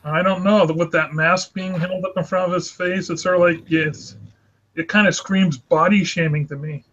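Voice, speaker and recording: A man with a slightly high voice on a video call, commenting on his friends' drawings. His audio sounds dull and lo-fi. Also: fairly even intonation, normal speed, fairly bright tone, slight background noise. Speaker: artist in an online drawing group. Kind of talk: casual chat while drawing. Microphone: video call mic.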